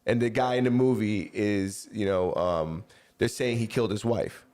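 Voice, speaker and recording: A man's voice: lowish voice, normal speed, darkish tone. A man co-hosting a casual podcast, retelling things in a rambling way full of "like" and "you know". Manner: rambling storyteller, many fillers like "like" and "you know". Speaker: podcast co-host.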